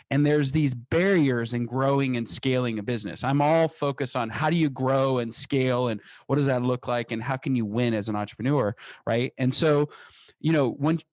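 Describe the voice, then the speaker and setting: Energetic founder in a dry interview. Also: male voice, medium pitch, dry recording. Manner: energetic, frequent restarts and repeated words. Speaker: company founder, interview guest. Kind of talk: conversational podcast interview.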